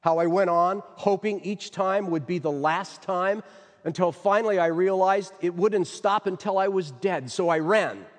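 A man voicing a distressed young mother who speaks in a halting, quivering voice while telling of her guilt. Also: lowish voice, long reverb tail, pitched above the performer's own voice, close to an everyday voice. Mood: anguished.

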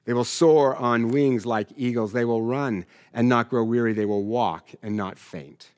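A pastor giving an earnest sermon, emphatic and built on repeated refrains. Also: male voice, medium pitch, a little mellow, in a large hall.

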